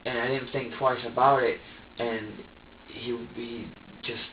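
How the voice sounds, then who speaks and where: A man being questioned by police, talking in halting bursts, repeating words and swearing as he quotes himself. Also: medium pitch, little pitch movement. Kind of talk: police interrogation recording. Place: interrogation room. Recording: roomy, distant, dull with hiss.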